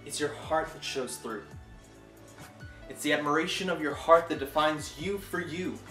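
A man performs spoken word poetry intensely, swinging between loud outbursts and quiet, low lines. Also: normal speed, soft background music. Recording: echoey room.

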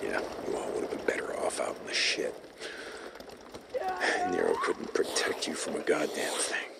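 A gravelly, deep-voiced biker survivor. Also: male voice, expressive, moderate pace, very noisy, full character voice. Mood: bitter. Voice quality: gravelly, muttering. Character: gruff weary male biker survivor. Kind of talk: game dialogue. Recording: loud game sound behind.

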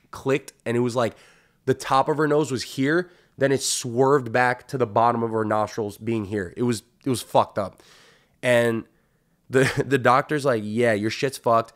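A man hosts a casual podcast and tells a long personal story. His voice sits at an ordinary middle pitch for a man. He swears freely and acts out what others said. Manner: animated, profane storytelling with acted-out quotes. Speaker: podcast host.

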